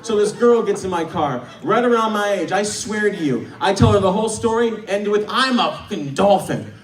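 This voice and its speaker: A young man from the American Midwest doing a stand-up comedy set, telling stories animatedly and building to shouted punchlines. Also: sits high, fairly quick, recorded from a distance. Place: theater stage with a laughing audience. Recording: echoey hall recorded from afar.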